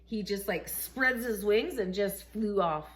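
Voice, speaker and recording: A woman's voice: mid-range voice, a little slow, a little hiss or hum. Chatty laughing woman telling a story. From Canada. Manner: chatty, animated, laughs often, acts out quotes. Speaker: vlogger. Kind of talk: casual storytelling monologue.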